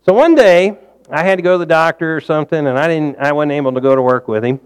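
A man preaching a conversational sermon, folksy, asking the congregation questions and swinging from loud, high emphasis to quiet, low asides. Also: fast talker, clean tone. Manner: folksy, engages the audience with questions.

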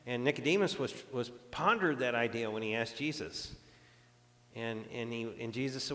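A man's voice: mid-range voice, moderate pace, a bit bright, long reverb tail. A man preaching a sermon in an earnest, conversational way, often restarting his phrases. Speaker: pastor.

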